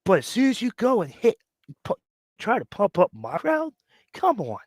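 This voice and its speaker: A man with a high-sitting voice hosts a casual sports live stream while nursing a cough, speaking at a moderate pace. He rants animatedly, mocking and mimicking players as his voice leaps up and down, and the sound is close and dry with no echo or room around it.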